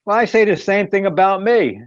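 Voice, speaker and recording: Jokey man with a high, dry voice. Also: animated, a little fast, no room sound, muffled recording. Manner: jokey, laughs often. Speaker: priest, co-host. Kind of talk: casual chat.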